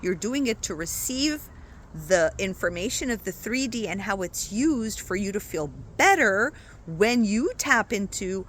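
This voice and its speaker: A woman spiritual coach talking casually to her viewers in an expressive, chatty way, often checking in with "right?". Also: mid-range voice, a little slow, a little hiss or hum. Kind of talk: casual spiritual talk to camera.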